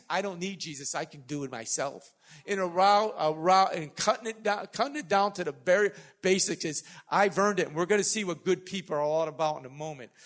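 A pastor in his sixties preaches a sermon in a fairly high-pitched voice. He swings between loud, emphatic passages and quiet, joking asides to the congregation.

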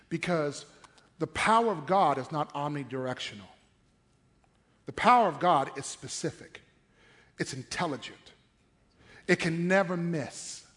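A man's voice: a little high, fairly bright tone. A man preaching a sermon in church, emphatic and firing questions at the congregation.

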